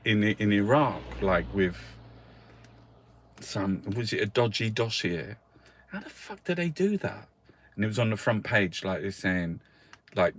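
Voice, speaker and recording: A man's voice: on the low side, a little hiss or hum. A man hosting a casual newspaper review, rambling and swearing freely, with frequent laughs. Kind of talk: casual chat.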